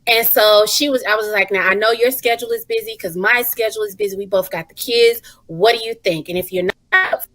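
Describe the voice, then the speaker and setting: A woman in her thirties, a guest on a talk show, telling stories in a lively, colloquial and expressive way. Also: mid-range voice, a little fast, few pauses. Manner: animated, expressive storyteller, colloquial. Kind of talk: casual talk-show chat.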